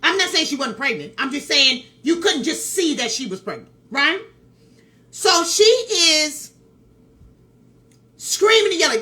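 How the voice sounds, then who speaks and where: A woman's voice: very high voice, lively intonation, measured pace, long pauses, sharp tone. A woman vlogger telling a story in casual commentary, emphatic, repeating phrases and talking straight to her viewers. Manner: talks straight to viewers with asides.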